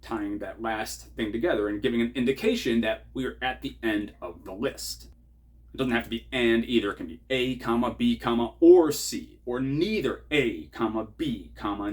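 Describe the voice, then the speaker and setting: A man's voice: mid-range voice, darkish tone. A middle-aged man hosting a scripted writing lesson, with dry, self-mocking asides. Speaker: writing teacher and channel host.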